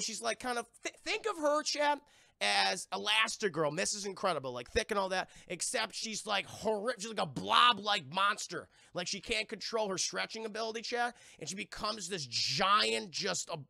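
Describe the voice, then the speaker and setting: A man's voice: sits high, gravelly, bright, forceful tone, no room sound, clean studio sound. A young man reviewing a TV episode on a live stream, rambling and swearing a lot and constantly talking to his chat. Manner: profane, rambling, keeps addressing chat.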